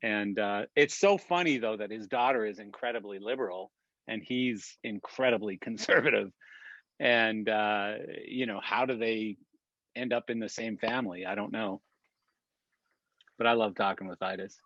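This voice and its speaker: A man's voice: on the low side, normal speed, a bit bright, no echo. A man on a video call, chatting casually and telling anecdotes with laughs and swearing. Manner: profane, laughing anecdote-teller. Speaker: regular on a weekly industry chat. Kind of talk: casual chat, storytelling. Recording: dull dry video-call audio.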